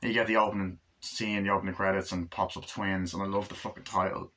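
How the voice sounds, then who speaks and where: A man's voice: low voice, level tone, quick pace, bright, forceful tone. A man casually reviewing a film for his vlog, enthusiastic and swearing freely as he acts out scenes. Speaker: movie reviewer.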